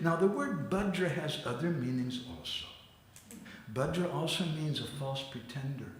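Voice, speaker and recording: Man, storytelling sermon, animated, acts out voices, slightly high voice, very echoey temple hall. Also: normal speed, slight background noise. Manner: animated, acts out quotes, laughs often. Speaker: spiritual teacher giving a class.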